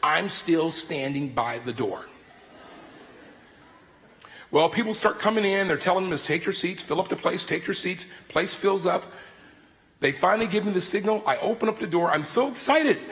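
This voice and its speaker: A man in his fifties preaches as a guest speaker, his high voice swooping widely as he acts out his stories. His delivery is animated and theatrical. The sound carries the long reverb of a large hall. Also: moderate pace. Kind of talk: sermon with storytelling. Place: large university worship hall.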